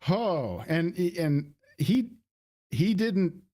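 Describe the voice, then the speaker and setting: A man's voice: sits high, big pitch swings, extremely slow, dark tone. A man co-hosting a podcast, talking in a laid-back way as he sets up clips. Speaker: podcast co-host. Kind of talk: casual chat.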